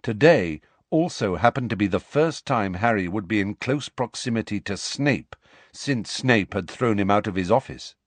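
A man reading a novel aloud as an expressive audiobook narrator. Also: normal speed, dry recording. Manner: expressive storytelling with wide pitch swings. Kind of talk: scripted narration.

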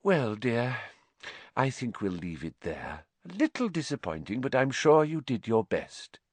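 A man voicing an eccentric older female seer teacher with a soft, breathy, dreamy and coaxing way of talking. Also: medium pitch, very animated, measured pace, no room sound, heavily acted.

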